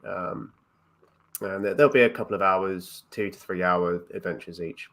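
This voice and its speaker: A man's voice: sits low, steady tone, normal speed, a bit bright. A man chatting as a podcast guest, hesitant with many ums, laughing easily. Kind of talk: casual chat.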